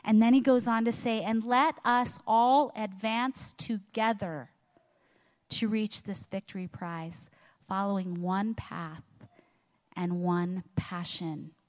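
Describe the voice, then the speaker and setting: A woman's voice: medium pitch, fairly even intonation, takes it slowly, a little mellow. Woman pastor, middle-aged, earnest sermon delivery; church auditorium with long reverb. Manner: earnest preaching with rhetorical questions. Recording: long reverb of a large hall.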